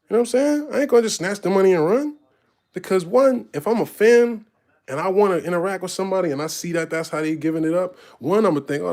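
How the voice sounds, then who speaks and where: A man telling casual stories from his tour, animated and profane, acting out voices as he goes. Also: fairly high pitch. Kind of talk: casual storytelling.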